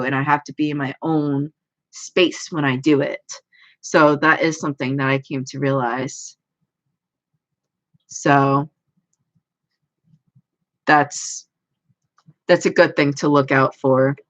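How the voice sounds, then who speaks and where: A woman's voice: fairly low pitch, a bit bright. A young woman chatting casually on a livestream from home. She talks in a rambling, self-deprecating way as an anime YouTuber. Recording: dull lo-fi stream audio.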